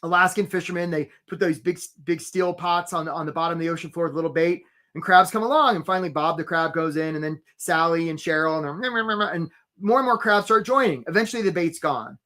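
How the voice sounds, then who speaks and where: A man, a career coach, hosting a live webinar in an energetic, chatty way and calling out attendees by name. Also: fairly high pitch, fairly quick.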